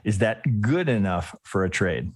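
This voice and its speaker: A man's voice: on the low side, animated, measured pace, no echo. Man thinking aloud through a trading lesson. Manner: thinks aloud, restarts often, asks rhetorical "right?"; casual, occasionally swears. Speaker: trading educator. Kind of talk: live chart analysis lesson.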